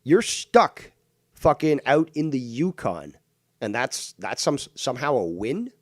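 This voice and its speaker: Brief: male streamer, mid-pitched, combative and sneering, very dry close-miked sound. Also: big pitch swings, measured pace, dry recording. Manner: mocking, combative, swears a lot. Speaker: streamer reacting to clips. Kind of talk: profane ranting commentary.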